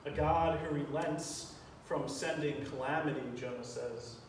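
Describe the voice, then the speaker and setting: A man's voice: on the high side, steady tone, a little slow. A man, a pastor, retelling a Bible story in a sermon and acting out the prayers he quotes. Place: church sanctuary. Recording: echoey church from a distance, faint hiss.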